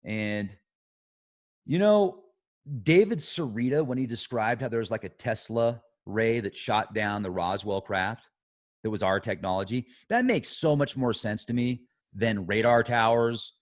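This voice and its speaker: Rambling excitable man monologuing. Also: lowish voice, unhurried. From United States. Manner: excitable, swings loud and soft, trails off. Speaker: conspiracy show host.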